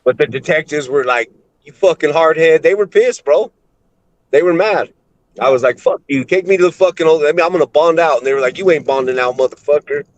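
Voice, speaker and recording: A man's voice: fairly high pitch, fairly quick, no room sound, dull audio. A man telling blunt, profane stories in casual chat, calling others bro.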